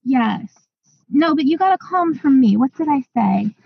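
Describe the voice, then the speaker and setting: A woman co-hosting a podcast, chatting casually and excitedly with lots of fillers. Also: sits high, moderate pace, vocal fry, dry recording, lo-fi sound. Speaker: podcast co-host. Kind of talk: casual chat.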